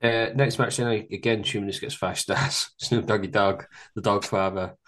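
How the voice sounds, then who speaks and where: A man's voice: on the low side, steady tone, moderate pace, a bit bright. A man co-hosting a podcast, wry and laughing often in casual chat. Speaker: podcast co-host.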